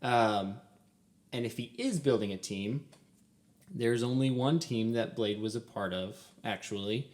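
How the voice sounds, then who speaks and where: A man's voice: mid-range voice, a little slow, a little mellow. A young man co-hosting a casual podcast about a film. He talks eagerly with many "um"s and laughs often. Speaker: podcast co-host.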